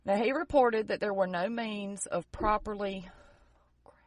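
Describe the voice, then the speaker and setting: A woman's voice: mid-range voice, unhurried, no echo. A woman in an easygoing podcast chat, walking through history from her notes and breaking off for sarcastic jokes. Her voice sits mid-range, recorded dry and close with no room sound. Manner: narrates history from notes with joking, sarcastic asides. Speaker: podcast co-host.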